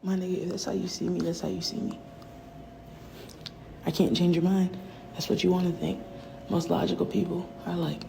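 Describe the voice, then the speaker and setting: A woman's voice: on the low side, little pitch movement, normal speed, gravelly, long pauses, dark tone, a little hiss or hum, poor audio. A woman rapper in a profane, rambling livestream rant that often sinks to a whisper.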